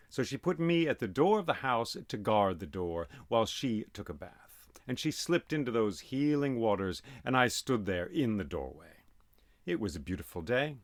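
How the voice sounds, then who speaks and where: Animated male myth storyteller. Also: fairly low pitch, no room sound, clean studio sound. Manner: animated, dramatic, sound effects in speech. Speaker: storyteller and podcast host.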